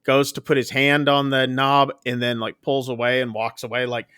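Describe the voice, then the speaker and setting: A man's voice: medium pitch, monotone, moderate pace, bright, forceful tone, clean tone. A man co-hosting a casual movie review, retelling the plot loosely with many fillers. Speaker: podcast co-host.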